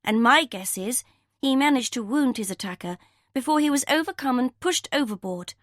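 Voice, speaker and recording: A woman voicing a quick-witted young woman sleuth in an audiobook, reasoning eagerly aloud. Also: high voice, expressive, no room sound, studio quality, pitched above the performer's own voice. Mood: earnest.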